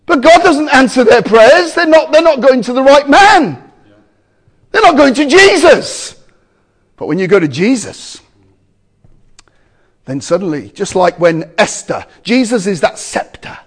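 High, lively-voiced man preaching a sermon. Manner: emphatic, swings between loud exclamations and quiet asides.

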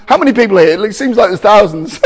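A man preaching a sermon to a congregation, emphatic, with loud exclamations and quiet asides. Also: high-pitched, husky.

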